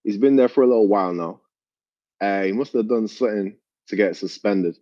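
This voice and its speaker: A man telling an animated story in casual chat, swearing a lot. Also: fairly low pitch, a little fast, no room sound, highs cut off.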